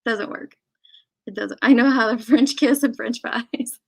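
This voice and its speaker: A woman's voice: fairly high pitch, a little slow, creaky. A woman hosting a casual online chat, talking in a giggly, chatty way. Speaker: host.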